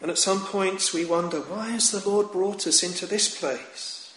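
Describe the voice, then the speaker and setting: A man preaching a sermon in a slow, measured, solemn manner, with emphatic rises on key lines. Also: high voice, a bit bright. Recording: echoey room with faint ambient noise.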